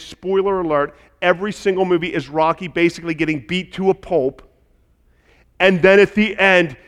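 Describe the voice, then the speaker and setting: A man preaching a sermon as a pastor, impassioned and building to loud, emphatic delivery. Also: sits high, smooth, big-room sound.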